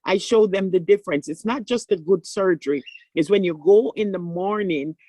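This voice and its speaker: Older woman, surgeon, conference panel talk, animated storyteller, dry close sound. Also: medium pitch, moderate pace, dry recording, rough recording. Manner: animated storytelling, acting out voices in quotes.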